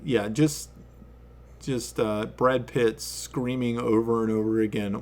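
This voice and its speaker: A man hosting a casual chat stream, telling a story with lively energy and frequent swearing. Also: on the low side, a little slow, a little hiss or hum. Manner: animated storytelling, swears freely. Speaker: stream host.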